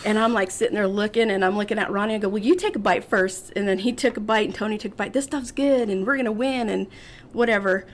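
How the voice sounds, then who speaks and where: A woman's voice: mid-range voice, fast talker. Laughing woman telling a story. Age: 50s. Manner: animated storyteller, acts out others' lines, laughs often. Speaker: podcast guest. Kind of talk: casual storytelling.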